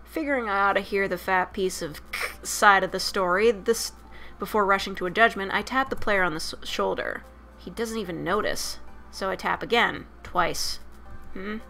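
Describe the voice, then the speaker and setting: A young woman streamer reading a dating sim aloud with loud, profane, expressive commentary. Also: mid-range voice, normal speed, creaky, soft background music.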